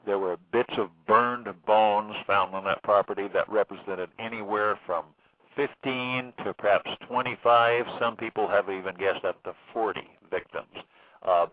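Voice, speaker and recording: Male author guest, low voice, hesitant with frequent fillers; phone-line sound. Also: no room sound. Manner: halting, many fillers and restarts. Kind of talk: phone interview recounting a case.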